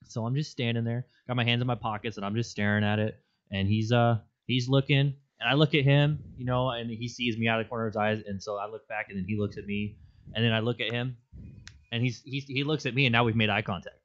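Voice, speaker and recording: A man co-hosting a podcast, telling an animated story in casual chat and laughing often. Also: medium pitch, fast, highs cut off. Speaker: podcast co-host. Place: Arizona.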